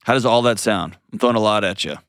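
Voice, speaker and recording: A man with a lowish voice hosts an advice call-in show, coaching a caller earnestly and gently. He often restarts sentences as he thinks aloud. The studio sound is dry and close. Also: quick pace, smooth, no echo. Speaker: host.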